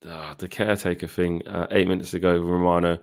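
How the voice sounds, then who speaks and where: Low-voiced guy in a fan chat, animated, keeps acting out his own shouting. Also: a little fast, creaky. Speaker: co-host of a fan channel.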